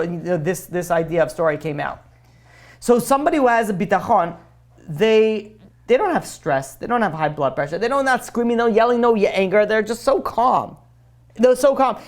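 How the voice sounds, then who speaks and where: A man teaching a religious class as a rabbi, telling stories animatedly and acting out the characters. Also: high-pitched. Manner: animated, acts out characters in the story. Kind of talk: storytelling lesson.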